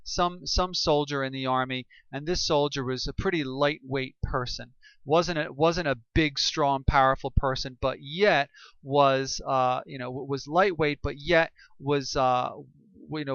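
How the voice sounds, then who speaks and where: A man giving a casual lesson, explaining slowly with many fillers, restarts and repeated words. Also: medium pitch, fairly even intonation, fairly bright tone, clean tone, no echo, highs cut off. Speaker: teacher.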